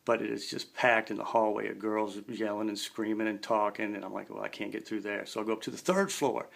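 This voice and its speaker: A man's voice: lowish voice, steady tone, a little fast, gravelly. A man in his forties telling a story in a laid-back, slangy way. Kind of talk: casual spoken storytelling.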